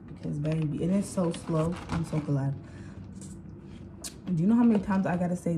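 A woman's voice: deep voice, moderate pace, long pauses. Slangy young woman venting at home. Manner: candid, slangy, venting with heated retelling. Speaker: vlogger working from home. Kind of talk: casual vlog chat. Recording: home recording with clear background noise.

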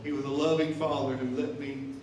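A man preaching a sermon, swinging from soft and slow to loud and emphatic. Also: medium pitch, little pitch movement. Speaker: pastor. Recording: echoey church hall, mic at a distance. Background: band music playing.

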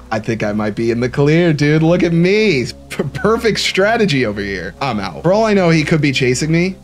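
Excitable young man playing a horror game. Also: a little high. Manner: excitable, swears, panicky yelps when scared. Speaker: gaming YouTuber. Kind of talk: horror game let's play commentary.

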